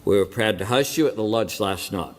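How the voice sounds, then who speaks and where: A lower-voiced Australian man addresses a parliament chamber with a formal, carefully paced speech. He breaks his sentences into short, deliberate phrases. The large hall leaves a long reverb trailing behind each line. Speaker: head of government addressing parliament.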